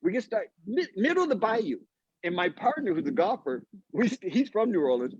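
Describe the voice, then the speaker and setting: A man, a golf instructor, telling a story in an animated way on a live video call, acting out the other people's voices. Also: high-pitched, normal speed, breathy edge, dry recording. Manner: acts out quoted voices, laughs mid-story. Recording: dull lo-fi live stream audio.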